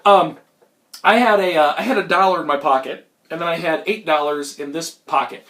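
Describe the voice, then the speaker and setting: A young man from Minnesota, getting over a cold and nursing a sore throat, tells a comic magic story indoors at home. His voice is a little high and fairly bright, at a moderate pace. The tale rambles and mocks himself, thick with ums and uhs.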